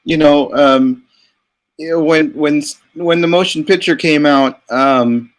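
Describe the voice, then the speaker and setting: A man's voice: fairly high pitch, measured pace. A man co-hosting a stream, reminiscing casually with chuckles and many fillers. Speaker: co-host. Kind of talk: casual chat.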